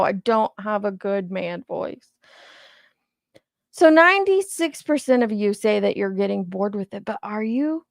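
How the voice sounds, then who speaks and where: A woman in her thirties, hosting a livestream in a loose, rambling way as she answers viewer comments. Her voice sits a bit high and carries a gravelly fry. The sound is close and dry, with no room around it. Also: dry recording. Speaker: commentary channel host. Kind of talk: casual livestream chat.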